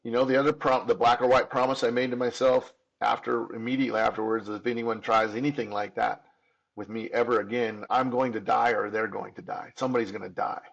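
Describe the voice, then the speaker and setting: Fifties guy, gravelly voice, talks in fits and starts, earnest, kinda middle pitch. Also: flat delivery, highs cut off. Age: 50s. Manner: halting, restarts and repeats words; candid, earnest. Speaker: podcast guest. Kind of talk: personal storytelling in an interview.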